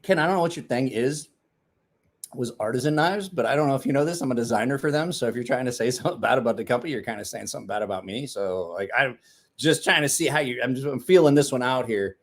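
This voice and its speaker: A man's voice: mid-range voice, lively intonation, quick pace. A man hosting a casual livestream, telling rambling, profane stories, laughing often and answering viewers' comments. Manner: talks back to viewers' comments. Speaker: livestream host. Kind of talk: casual live-stream chat.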